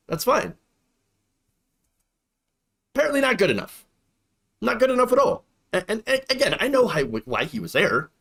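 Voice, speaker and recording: An indignant man delivers online political commentary with a sarcastic edge. His pitch swings widely as he talks. He circles back on his points, repeating phrases for emphasis. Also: a bit bright.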